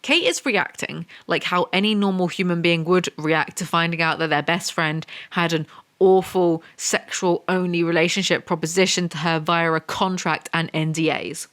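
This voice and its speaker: A woman's voice: lowish voice, normal speed, fairly bright tone. Sarcastic woman ranting in a book review. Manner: sarcastic, swears freely.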